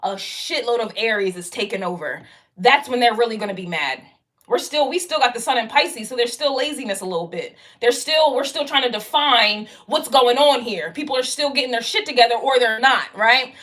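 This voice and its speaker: A woman's voice: a little high, lively intonation, fairly quick, a bit bright. A woman giving a casual tarot reading, talking straight to the viewer in a blunt, profane, slangy way and hammering her point again and again. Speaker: tarot card reader.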